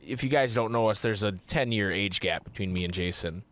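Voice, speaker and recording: A man's voice: on the low side, a little fast. A man with a Midwestern accent, chatting casually as a podcast co-host and acting out quotes as he tells stories. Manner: animated storyteller who acts out quotes.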